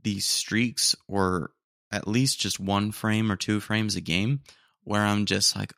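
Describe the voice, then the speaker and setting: In a home room near his roommates, a young man hosts a casual solo show, speaking slowly in a low, gravelly, slightly bright voice with fairly even intonation. He drifts through slangy, pretend-indignant remarks, using "dude" constantly, captured in a dry, clean studio recording.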